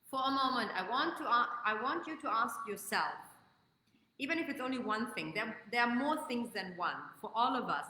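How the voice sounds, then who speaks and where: Bright-voiced woman hosting a live coaching stream. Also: fairly high pitch. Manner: greets viewers by name, leads slow guided breathing. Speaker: host and life coach. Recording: echoey room with long reverb.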